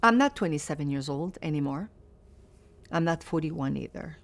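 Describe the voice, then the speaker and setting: Her voice is low with lively intonation, and she speaks at a normal speed. She's a native French-speaking singer in her fifties giving an earnest, reflective sit-down interview, repeating phrases to drive points home.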